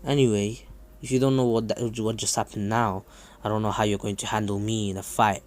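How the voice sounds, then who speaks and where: A man voicing a confident teenage ninja boy who lectures his rival calmly, in his own everyday voice with hesitations and restarts. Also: fairly low pitch, fairly quick, pitched below the performer's own voice, natural voice. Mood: calm, lecturing. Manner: plain storytelling voice with ums and restarts. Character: confident teenage male ninja, calm and preachy. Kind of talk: retelling a fan story.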